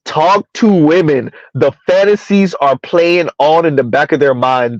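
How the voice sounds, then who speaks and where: With a slightly high voice and a measured, steady delivery that rarely pauses, a male commentary vlogger rambles on with strong opinions and keeps asking his audience "huh?" among other rhetorical questions. There's no room sound, and the recording is dull, dry and lo-fi.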